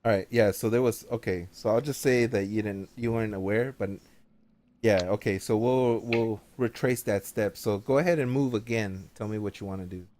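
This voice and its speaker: A man narrating as game master of an online tabletop game, talking casually and haltingly with many fillers. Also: lowish voice, a little mellow, a little hiss or hum.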